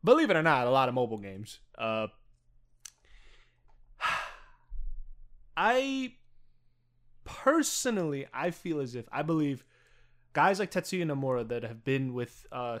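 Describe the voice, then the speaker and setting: A young man co-hosting a podcast, chatting casually in a rambling way. He leans on fillers and restarts his sentences, and he swears freely. His voice sits at a middle pitch. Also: a bit bright. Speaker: podcast co-host. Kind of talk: casual chat.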